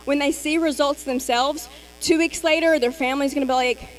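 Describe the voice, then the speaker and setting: A woman's voice: high-pitched, fairly even intonation, brisk, poor audio. A woman co-presenting a live-stream sales training, speaking in an upbeat, encouraging way.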